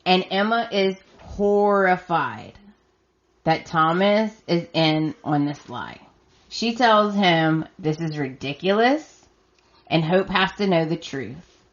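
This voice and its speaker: A woman hosts a podcast and recaps the week's episodes in a slow, unhurried voice pitched a little low. She talks casually and with exasperation. The recording sounds dull and lo-fi. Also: expressive. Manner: chatty and exasperated, acting out her reactions. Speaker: podcast host. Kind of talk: casual recap of a soap opera.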